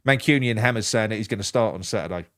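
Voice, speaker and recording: A man, co-hosting a casual football chat, excitable and sweary, with lots of stammered restarts. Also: on the low side, fast. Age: 40s. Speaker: podcast co-host.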